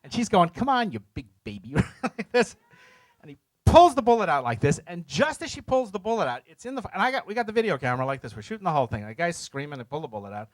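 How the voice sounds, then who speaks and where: A man's voice: high-pitched, quick pace, dry recording. A middle-aged man speaking to a live audience, telling a story with jokes at his own expense and acting out the voices and sounds in it. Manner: animated, acts out voices and sounds in his stories; self-mocking, jokes with the audience.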